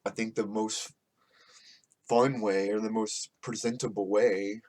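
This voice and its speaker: A man's voice: on the low side, steady tone, a little slow, a little mellow. A man hosting a podcast, rambling casually and swearing a lot, with frequent laughs. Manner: profane, rambling, laughs often. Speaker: podcast host. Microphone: podcast microphone.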